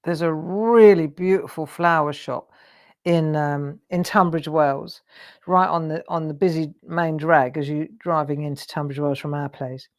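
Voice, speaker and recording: A woman's voice: deep voice, steady tone, a little slow. An English woman hosting a live crafting show, telling rambling anecdotes and laughing often. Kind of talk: chatty storytelling while crafting.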